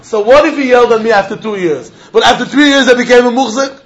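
Man, high voice, animated Talmud lecturer, questions and answers himself, dull lo-fi recording. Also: quick pace, a little hiss or hum. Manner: animated, asks and answers his own questions, laughs often; mixes English with Yiddish and Hebrew terms. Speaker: Talmud teacher. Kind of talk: lively Talmud class lecture.

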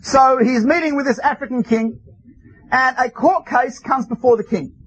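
A man teaching a class, telling stories with lively, wry asides. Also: very high-pitched, moderate pace, slightly rough, no echo, low-quality recording. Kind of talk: storytelling lecture.

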